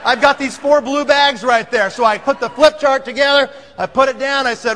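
A man telling a comic story to an audience, animated and laughing, acting out the scenes. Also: extremely high pitch, normal speed, hardly any pauses, a little hiss or hum. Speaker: speaker.

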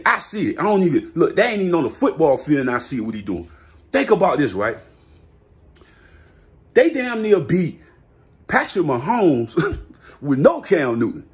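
An excitable man delivering a sports hot-take rant, boastful and full of street slang. His voice sits high for a man and leaps around the scale as he gets worked up, and he laughs often between his claims. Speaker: vlogger.

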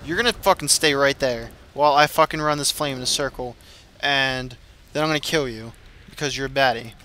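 A man's voice: mid-range voice, brisk, sharp tone, slight background noise. A man swearing and trash-talking through frustrated gameplay commentary. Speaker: gamer.

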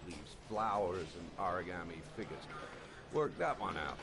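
An actor voicing a gruff, impatient middle-aged police captain in a video game, who talks curtly and sounds exasperated. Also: male voice, low-pitched, very animated, moderate pace, over music, full character voice. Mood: grumbling. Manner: curt, exasperated.

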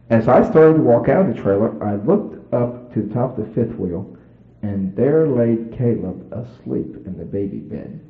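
A male preacher tells a homespun story from the pulpit in a folksy, animated way. His fairly low voice rises and falls a lot. The old recording is thin and phone-like, with a roomy church echo. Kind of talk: storytelling sermon.

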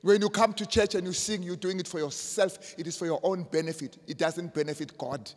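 A man preaching a sermon as pastor, swinging from quiet asides to shouted emphasis. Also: high-pitched, fairly even intonation, brisk. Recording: long hall reverb.

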